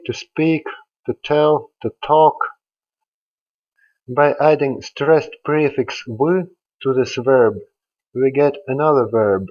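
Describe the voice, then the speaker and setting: A man reads a scripted grammar lecture in a level, middle-pitched voice. He speaks very slowly and carefully, laying out each rule step by step. The voice-over sounds dull and lo-fi. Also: a little mellow. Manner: slow, deliberate and methodical. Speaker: language teacher.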